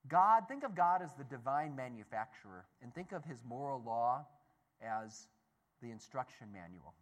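Animated male storyteller, loud-soft swings. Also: medium pitch, normal speed. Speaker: Catholic speaker. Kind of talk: storytelling talk to an audience.

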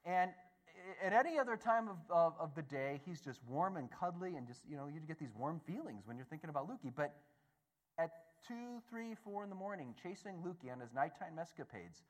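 A man giving a storytelling talk to an audience, animated and acting out voices, often stammering and restarting. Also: on the high side, brisk. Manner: animated, acts out the voices in his stories. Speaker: speaker at a Catholic gathering.

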